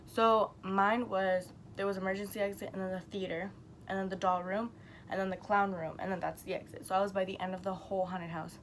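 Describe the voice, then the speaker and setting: A woman's voice: mid-range voice, flat delivery, a little fast, a little hiss or hum, low-quality recording. A young woman chatting casually to her camera, telling a rambling story full of "like" and the odd swear.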